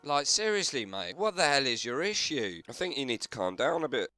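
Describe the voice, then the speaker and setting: A man's voice: mid-range voice, big pitch swings, brisk, bright, forceful tone, no room sound. A man giving sarcastic, sweary reaction commentary on a video, exasperated and mocking.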